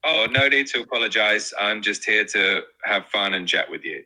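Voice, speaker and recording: A synthetic male assistant voice speaking in received pronunciation. It sits a touch low in pitch yet has a very bright, sharp edge. It stays smooth and reassuring, always ready to agree. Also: expressive, moderate pace, poor audio. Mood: agreeable. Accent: British received pronunciation. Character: upbeat male AI chat assistant. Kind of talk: conversational AI chat.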